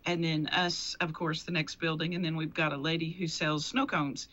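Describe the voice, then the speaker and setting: A woman's voice: low-pitched, little pitch movement, normal speed, a bit bright. A woman, a guest who deals in antiques and auctions. She chats casually on a local TV show, laughing often and restarting her sentences. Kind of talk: casual interview chat. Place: local TV studio.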